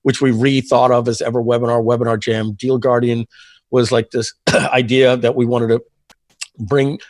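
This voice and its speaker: A man's voice: medium pitch, level tone, normal speed, dry recording. Rambling fifties man, dry close sound. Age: 50s. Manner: rambling, frequent fillers and throat-clearing. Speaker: guest, software entrepreneur. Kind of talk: casual interview storytelling.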